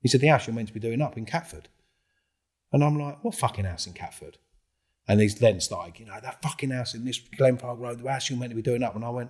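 A middle-aged man, a podcast guest telling a story in a casual, animated way, swearing freely and acting out the dialogue. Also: medium pitch, fast.

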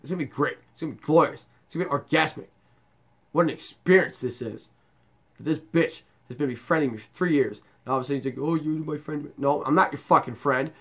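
A man's voice: mid-range voice, fast talker, a bit bright, slightly rough. A young man playing a wrestling video game and commenting crudely and sarcastically as he plays. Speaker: gaming YouTuber. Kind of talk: profane let's-play commentary.

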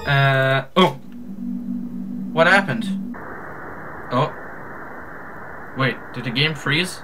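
Jumpy man yelling over game music. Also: medium pitch, very slow, low-quality recording. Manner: jumpy, exclaiming and yelling at scares. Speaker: gamer playing a horror fan game. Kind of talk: let's play commentary.

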